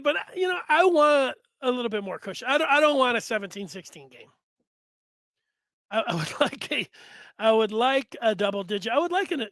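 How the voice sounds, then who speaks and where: A man hosting a sports talk show, chatting casually and acting out announcers and fans with lively energy. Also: very high voice, no echo. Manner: animated, acts out fans and announcers. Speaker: sports radio host.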